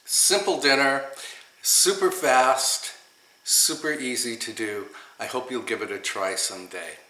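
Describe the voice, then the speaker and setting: Male cooking host, bright and chatty, slow delivery, recorded in a roomy kitchen. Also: medium pitch. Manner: chatty, enthusiastic, talks through each step. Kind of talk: home cooking demonstration. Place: home kitchen.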